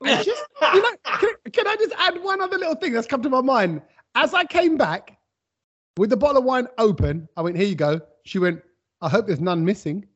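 A man, co-hosting a casual podcast chat and telling stories with lively acted-out quotes. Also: very high-pitched, brisk, husky, highs cut off. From England. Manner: animated storyteller, acting out quotes. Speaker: podcast co-host.

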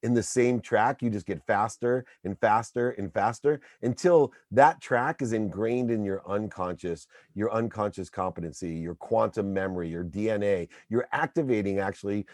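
A man's voice: fairly low pitch, normal speed, hardly any pauses, a little mellow, dry recording, clean studio sound. A man in his forties, a guest, giving emphatic motivational talk in punchy lists.

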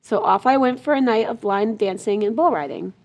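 A woman co-hosting a podcast, chatting casually and reading a listener's story, reacting with warm gasps and aws. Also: fairly high pitch, brisk. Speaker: podcast co-host.

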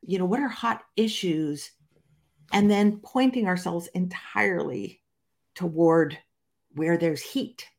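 A woman with a slightly low voice talks through her ideas in a relaxed interview. She explains fluently and leans on key words for emphasis. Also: slow. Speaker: guest author and researcher. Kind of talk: conversational interview.

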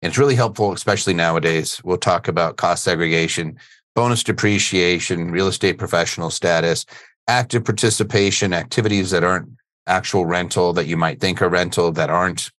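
A man's voice: sits low, brisk, a bit bright, no room sound. A middle-aged man hosting a podcast from a studio, chatting casually, joking and laughing easily as he goes. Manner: jokey, laughs easily, rambling. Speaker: podcast host. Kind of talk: casual live webinar chat.

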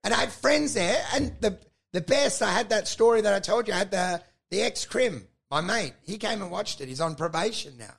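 An Australian man with a high, gravelly voice tells a story in casual podcast chat. He swears freely, acts out quotes and gets loud and shouty as he goes. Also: expressive, a little fast. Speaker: comedian and podcast host.

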